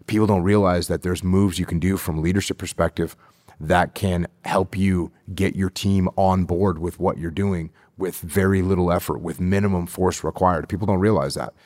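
A middle-aged man answering interview questions as a leadership instructor, deliberate and repeating phrases for emphasis. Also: low-pitched, a little mellow, no echo.

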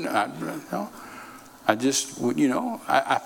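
Gravelly older male preacher. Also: mid-range voice, lively intonation, normal speed, poor audio. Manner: folksy and repetitive, with many restarts. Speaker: traveling preacher. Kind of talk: sermon.

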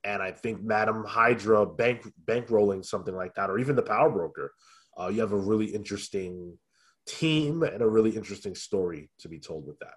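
A man co-hosting a podcast, chatting casually in a thoughtful way, often pausing with ums and restarting his sentences. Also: fairly low pitch. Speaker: podcast co-host. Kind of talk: casual review chat.

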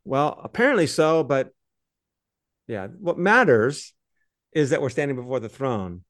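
A man's voice: medium pitch, very animated, measured pace, dry recording, clean studio sound. A man co-hosting a podcast, giving a conversational Bible study and explaining the Greek text in a loose, teacherly way. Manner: explanatory, translates Greek on the fly, loose fillers.

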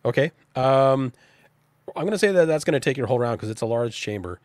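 A man's voice: mid-range voice, expressive, fairly quick, darkish tone, no echo. A man narrating as game master of a tabletop role-playing game, casual and chatty, often restarting his sentences.

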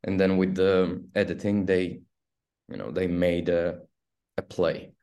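Low-voiced man with a Turkish accent. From Turkey. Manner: halting, restarts often, animated storytelling. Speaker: actor guest. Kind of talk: casual interview storytelling.

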